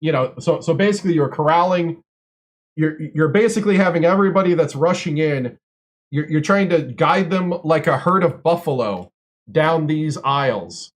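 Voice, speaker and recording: A man's voice: on the high side, normal speed. A man from Wisconsin, a streamer, telling long stories in casual chat with lots of fillers and restarts. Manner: rambling, filler-heavy storytelling.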